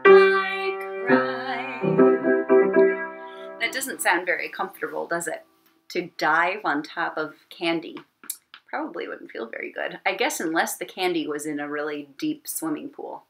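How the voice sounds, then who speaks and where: A woman teaching an online elementary music class at her computer, talking slowly and gently and singing warm-ups. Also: deep voice. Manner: gentle, encouraging, slow and clear, sings warm-ups. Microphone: computer mic. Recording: piano playing along.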